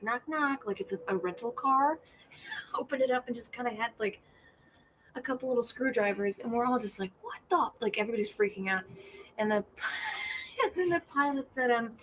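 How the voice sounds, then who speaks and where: A woman's voice: fairly high pitch, a little fast, fairly bright tone. Middle-aged lady rambling to her viewers, self-deprecating, acts out people in her stories, bit of hiss behind her. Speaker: comedian hosting a livestream. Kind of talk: casual chat, reading viewer comments.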